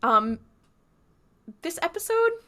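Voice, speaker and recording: Bright-voiced young woman podcast co-host. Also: very high-pitched, sing-song, slow pace. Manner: chatty, recounts scenes by acting out quotes. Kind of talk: casual recap chat.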